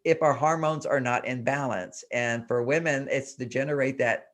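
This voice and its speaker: An older man, a relationship expert guest on an interview show, explaining his ideas with animated emphasis and repeated phrases. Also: mid-range voice, normal speed.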